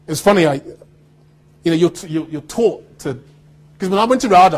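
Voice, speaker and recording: A man from Birmingham with a neutral standard British accent, telling stories to students in an animated way, laughing and acting out what people said. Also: on the high side, moderate pace. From Birmingham, England. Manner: animated storytelling with laughter and acted-out quotes. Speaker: actor speaking to students. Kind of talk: anecdotal speech to students.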